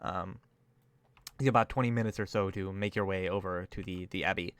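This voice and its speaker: A man's voice: low-pitched, steady tone, brisk, a bit bright, smooth, no echo. A man narrating as game master, loose and full of fillers.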